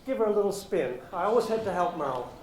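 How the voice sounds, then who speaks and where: A man's voice: high-pitched, expressive, fast talker. A man coaching a ballet rehearsal, talking dancers through the steps and singing the counts in da-da syllables. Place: echoey dance studio. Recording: echoey room with light background noise.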